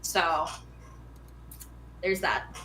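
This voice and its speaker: A woman chatting casually in a book club, talking quickly and laughing easily. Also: lowish voice, pushed and bright, slight background noise. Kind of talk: casual chat.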